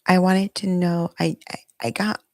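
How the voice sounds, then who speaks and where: With a fairly low, slightly mellow voice, little pitch movement and a normal speed, a middle-aged woman speaks on her own podcast with no echo. She records herself on video at home, giving a candid, emotional confessional monologue about something personal.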